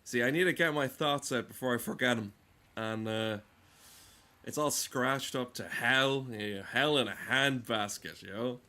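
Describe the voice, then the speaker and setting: A man riffs through a comic monologue, sardonic and profane, forever wandering off on tangents. His voice sits at an ordinary middle pitch. He sounds like someone talking over a game for laughs. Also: measured pace, sharp tone. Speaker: game video host. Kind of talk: rambling comedic monologue.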